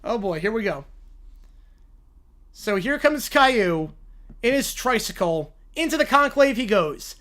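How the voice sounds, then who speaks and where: A man live-streaming, reading a silly story aloud with playful, animated asides. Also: high voice, measured pace, pauses often.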